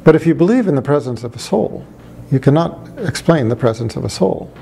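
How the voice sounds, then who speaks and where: A middle-aged man, a former atheist doctor, making a measured argument with dry humor. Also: a little high, animated, creaky, warm tone, slight background noise. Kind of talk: reflective monologue.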